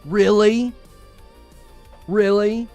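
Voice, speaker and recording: A man's voice: high voice, little pitch movement, very slow, darkish tone, faint music behind. A man hosting a gaming commentary show, ranting in a heated, indignant and sarcastic way.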